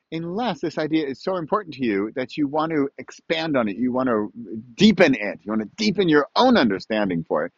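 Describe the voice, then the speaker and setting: Man, casual walk-and-talk vlog, animated rising and falling voice, dry slightly dull audio. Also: on the high side, dry recording. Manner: rambling, self-amused, calls out to his dogs mid-thought. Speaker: author and online course creator. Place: outdoors.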